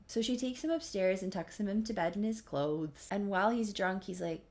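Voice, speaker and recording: Gravelly-voiced woman narrating a game story. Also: mid-range voice, animated, moderate pace, a little mellow. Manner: chatty, wry asides. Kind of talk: casual narrated let's-play story.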